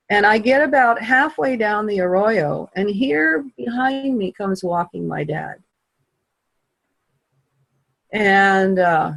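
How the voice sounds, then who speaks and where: A woman tells a personal story over a video call, halting and heartfelt, with long pauses. Her voice is husky and has a gravelly edge, and she sounds tearful. The sound is dry and close. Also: medium pitch, no room sound, poor audio.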